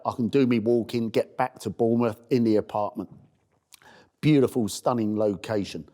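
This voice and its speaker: A middle-aged man from the UK telling the story of his charity walk in a spoken diary, acting out the people he met. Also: fairly low pitch. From United Kingdom. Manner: storytelling, animated voices for people he meets.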